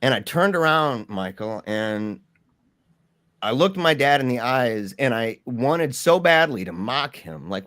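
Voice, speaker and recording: A man in the guest seat tells his own story in loose, informal talk, dropping "bro" and "man" as he goes. His voice sits in a middle pitch and stays earnest and emphatic. The sound is close and dry, with no room around it. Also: lively intonation, measured pace, a bit bright, no room sound. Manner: earnest, emphatic retelling of a personal ordeal. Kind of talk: casual first-person storytelling in an interview.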